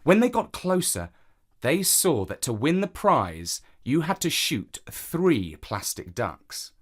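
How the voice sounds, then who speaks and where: Male storyteller, unhurried, lively pitch, reading a kids' tale. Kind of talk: children's story narration.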